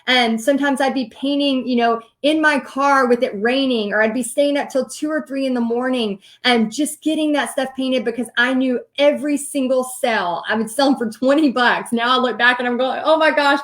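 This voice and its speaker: Chatty storytelling woman, slightly high voice. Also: moderate pace, hardly any pauses. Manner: animated, chatty, many fillers and restarts. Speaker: host, paint party teacher. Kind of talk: casual storytelling talk.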